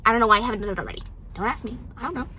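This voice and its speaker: Young woman vlogging about books from home, bright tense voice, rambly and self-deprecating. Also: a little high, rapid-fire, a little hiss or hum. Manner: chatty, animated, self-deprecating with bursts of loud excitement. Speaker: book vlogger. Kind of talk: casual chat to camera. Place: her home.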